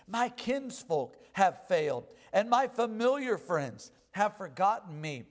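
A man with a notably high speaking voice delivers a sermon. He reads scripture aloud slow and weighty, pressing harder on each line, then drops back into plain explanation. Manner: reads verses slowly with rising emphasis. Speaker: preacher.

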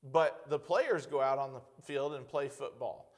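Gravelly-voiced man preaching a sermon. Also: mid-range voice. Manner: conversational, peppered with rhetorical questions; reads scripture slowly with emphasis.

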